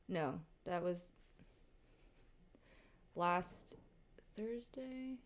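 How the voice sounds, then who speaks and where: Rattled woman telling a story, swearing freely. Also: fairly low pitch. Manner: animated, profane, rattled storytelling. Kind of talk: casual storytime monologue.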